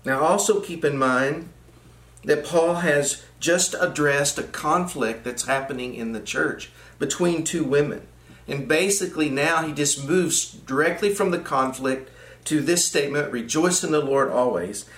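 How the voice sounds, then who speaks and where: A man's voice: on the high side, a little slow, a bit bright. A man leading a Bible study, reading verses aloud and explaining them, often repeating phrases for emphasis. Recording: echoey room.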